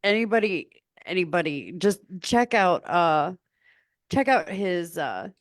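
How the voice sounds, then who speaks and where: A woman's voice: fairly low pitch, sing-song, unhurried, no room sound, studio quality. A woman author being interviewed, chatty and self-deprecating, laughing often. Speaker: author guest. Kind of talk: casual interview chat.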